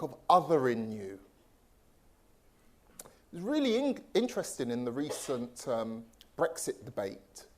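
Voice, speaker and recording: A man from England speaking on a panel at a live event, into a microphone, deliberate and emphatic, posing rhetorical questions. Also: medium pitch, darkish tone. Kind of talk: panel discussion speech. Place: event hall with audience. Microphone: handheld microphone.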